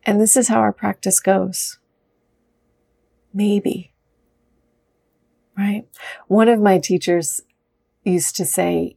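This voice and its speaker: Woman meditation teacher, easygoing chatty talk, bit of fry in her voice. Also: medium pitch, fairly even intonation, takes it slowly, pauses often. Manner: gentle, conversational, asks "right?" often.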